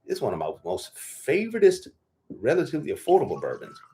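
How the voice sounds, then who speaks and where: A hoarse male farmer hosting a casual livestream Q&A, blunt and profane, rambling with lots of fillers. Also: a little high, wildly swooping pitch, fairly quick, very noisy. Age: adult with children. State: losing his voice, hoarse.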